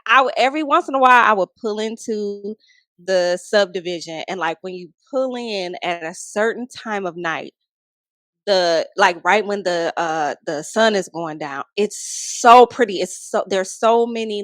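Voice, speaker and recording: Animated, foul-mouthed woman guest. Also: mid-range voice, a little slow, dry recording, clean studio sound. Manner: animated and emphatic, with frequent profanity. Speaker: podcast guest. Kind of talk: candid casual chat.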